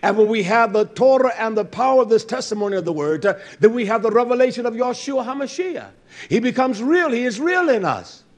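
A man's voice: very high-pitched, lively intonation, brisk. A male preacher delivering a fervent, blunt sermon, repeating his phrases and calling out to the congregation.

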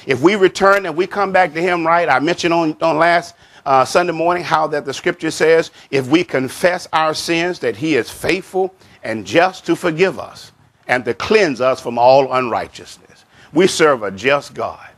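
A man preaching a sermon as pastor, slow and emphatic, repeating phrases and saying "amen" often. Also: fairly high pitch, fairly bright tone.

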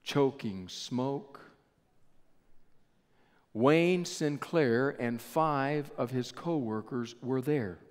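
A male pastor preaching a sermon in a measured storytelling style with dramatic pauses, in a large church sanctuary. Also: mid-range voice, clear, resonant tone. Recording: echoey church hall with long reverb.

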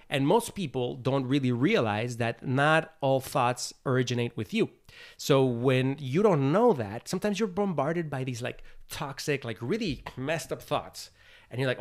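A man's voice: medium pitch, moderate pace. A man guest on a casual podcast interview, speaking earnestly and acting out little voices as he explains his views. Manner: earnest, animated storytelling with acted-out voices.

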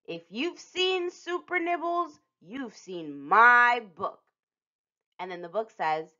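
A woman reading a picture book aloud to children as a storytime host, expressive and lingering on some phrases with dramatic pauses. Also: a little high. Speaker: storytime reader. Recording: dull lo-fi recording.

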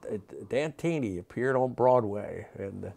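Brief: male historian, low gravelly voice, rambling, filler-heavy anecdotes in an interview. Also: animated, a little slow, warm tone. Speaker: magic historian. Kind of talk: interview storytelling.

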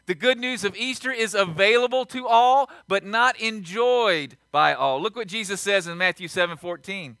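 Emphatic pastor preaching. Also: male voice, sits high, normal speed, few pauses, no echo. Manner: emphatic, repeats lines for stress, swings from quiet to shouting. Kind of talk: sermon.

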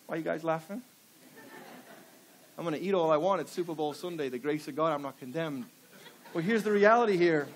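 Captured on a rough recording, this male pastor speaks on the high side as he delivers a sermon in church. Before a live congregation, he peppers listeners with rhetorical questions and presses them to answer back.

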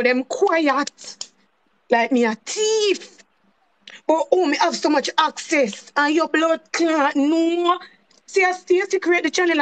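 Woman, Jamaican accent, high voice, heated live-stream rant, repeats herself, patois swearing. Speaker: channel host.

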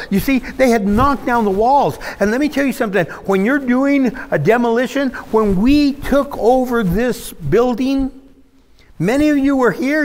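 A male pastor, preaching a sermon in an animated style that swings between loud and hushed. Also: extremely high pitch.

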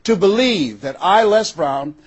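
A husky, fairly high-voiced older man from the US delivers a motivational talk. He builds his points with dramatic pauses and slips into the voices of the people in his stories. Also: expressive. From USA. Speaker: motivational speaker. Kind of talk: motivational speech.

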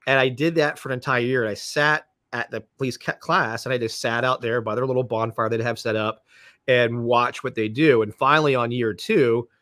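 Man, fifties, rambling storyteller, acts out quotes, mid-pitched, dry close sound. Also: fairly even intonation, a little fast, a bit bright, no room sound. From Florida, United States. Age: 50s. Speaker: podcast guest, police dog trainer. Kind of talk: casual storytelling.

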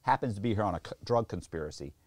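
A man with a fairly low voice tells a long, profane story as a podcast guest. He is animated and throws in impressions, going up to high squeaks and down to low mumbles. The close mic sound is dry, with no room around it. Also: racing, no echo. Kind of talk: storytelling in casual chat.

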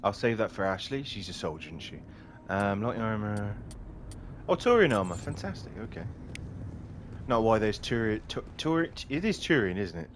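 A man's voice: fairly low pitch, big pitch swings, moderate pace, slight background noise. A man commenting casually on a game as he plays, swearing and laughing often. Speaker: gaming streamer. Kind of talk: casual let's-play commentary.

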